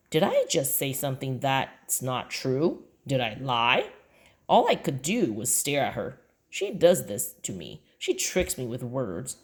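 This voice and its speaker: Low-voiced woman reading a storybook. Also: very animated, unhurried. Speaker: reader. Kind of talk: reading a children's book aloud.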